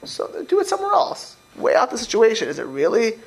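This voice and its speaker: A man's voice: very high voice, wildly swooping pitch, a little fast, gravelly, rough recording. A man teaching a religious class as a rabbi, talking informally, repeating words and acting out quoted speech as he questions his listeners.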